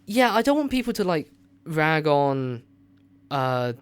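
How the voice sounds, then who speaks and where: A man hosting a movie review radio show, chatting casually and excitedly with lots of filler words. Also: a little high, takes it slowly, smooth.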